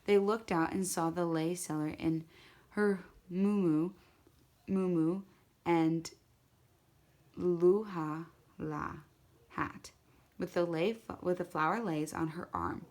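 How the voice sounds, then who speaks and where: A woman tells a children's tale aloud in a lowish, even voice. Her telling is lively and repetitive, with little slips and restarts along the way. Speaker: storyteller. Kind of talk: storytelling to an audience.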